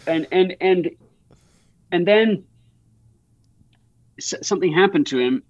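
A man's voice: sits high, slow, no room sound, dull audio. A man talking as a guest in a podcast interview, rambling through an anecdote with many restarts and fillers. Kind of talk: conversational interview.

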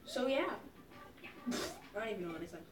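A woman's voice: medium pitch, big pitch swings, a little fast, roomy sound, distant mic, heavy background noise. A woman hosting a casual gameplay video, chatty and giggly, rambling with fillers. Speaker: gaming channel host.

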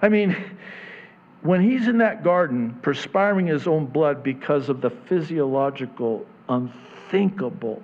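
A man preaching a sermon as a pastor, swinging from hushed near-whispers to loud, impassioned preaching. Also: fairly high pitch, dull audio, slight background noise.

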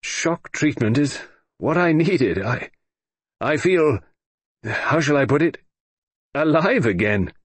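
A man voicing a frail, elderly male professor who speaks slowly and haltingly, in an audiobook reading. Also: fairly high pitch, expressive, breathy edge, dry recording, voice pushed up, heavily acted. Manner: slow, halting. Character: frail old professor, slow stammer. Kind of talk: audiobook character voice.

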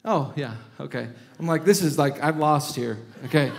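A middle-aged man preaching from the pulpit, his voice sitting a little high for a man. He acts out the scripture he reads with sweeping rises and falls, then slips back into easy, chatty asides. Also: animated, moderate pace, gravelly. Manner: reads scripture aloud with dramatic emphasis, then talks casually and chuckles. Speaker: pastor. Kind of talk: sermon.

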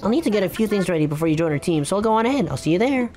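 A man's voice: expressive, racing, a little mellow, soft background music. A man voicing a cheerful young female otter office manager while reading game dialogue aloud. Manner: bubbly, businesslike sales pitch.

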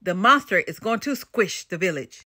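A woman voicing the Princess in Black, a brisk, practical young heroine, in a storybook read-aloud. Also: medium pitch, expressive, sharp tone, no echo, clean studio sound, pitched below the performer's own voice. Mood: determined.

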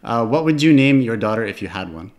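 A man's voice: medium pitch, lively intonation, brisk. Man reading interview questions. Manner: reading numbered questions, brief friendly replies. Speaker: podcast host.

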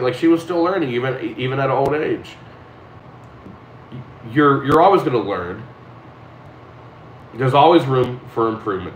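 A man in his thirties speaks candidly in a loose, rambling monologue, restarting sentences and cursing freely. His mid-pitched voice bounces around an echoey room, with a faint hiss of noise underneath. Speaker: streamer. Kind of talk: casual reflective monologue.

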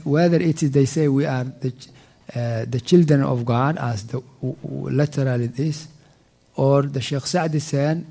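Male teacher at a mosque, mellow tone, halting and repetitive delivery, quick recitation. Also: mid-range voice, creaky. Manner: halting, repeats words while searching for them; recites verses in quick Arabic, then translates slowly. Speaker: teacher explaining Quran commentary. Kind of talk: mosque tafsir class.

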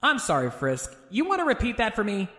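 A man's voice: sits high, wildly swooping pitch, a little fast, sharp tone, full character voice. A man doing a mock-polite, menacing character. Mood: threatening. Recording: echoey reverberant room.

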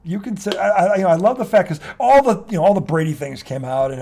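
A man's voice: high-pitched, fast talker, creaky, warm tone. A man hosting a casual sports talk show, ranting with lots of profanity.

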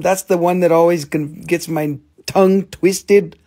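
A man's voice: high voice, fairly even intonation, unhurried, hardly any pauses, dark tone. A man hosting a casual live-stream crystal sale, joking and swearing freely as he shows the stones.

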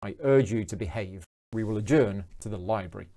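A man's voice: fairly low pitch, a little fast, warm tone, close to an everyday voice. A man voicing a stern, cold and formal wealthy father from a game, in clipped commanding sentences.

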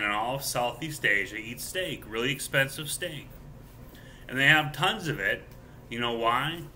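Slow, sharp-voiced man rambling. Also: medium pitch, a little hiss or hum. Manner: halting, with many filler pauses. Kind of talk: rambling solo monologue.

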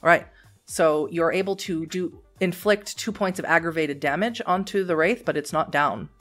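A woman with a lowish voice runs a tabletop game as game master. She calls for rolls and narrates outcomes in a matter-of-fact way over faint background music. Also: normal speed, a bit bright.

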